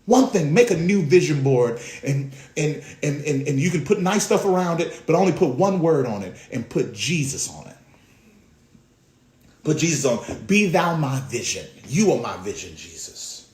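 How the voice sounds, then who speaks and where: A man preaching a sermon as a pastor, swinging between loud bursts and hushed asides. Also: fairly high pitch, sing-song, normal speed, roomy sound.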